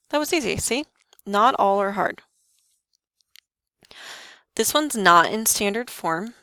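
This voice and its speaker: A woman teaching a math lesson, talking students through each step with quick questions to the class. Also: fairly low pitch, a bit bright, dry recording. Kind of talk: lesson walkthrough.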